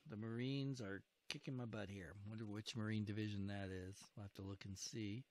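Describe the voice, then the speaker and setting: A man's voice: lowish voice, fairly even intonation, fairly quick, few pauses, a little hiss or hum. A man playing a strategy wargame who comments casually, urges his units on and reacts to each turn with groans and cheers. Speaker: wargame video host. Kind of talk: casual let's-play commentary.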